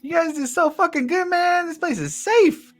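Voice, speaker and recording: A man voicing an excitable male shopkeeper who calls everyone "man". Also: very high-pitched, moderate pace, faint music behind, pitched above the performer's own voice. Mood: hyped. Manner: excitable, says "man" constantly. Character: hyped-up bro male shopkeeper.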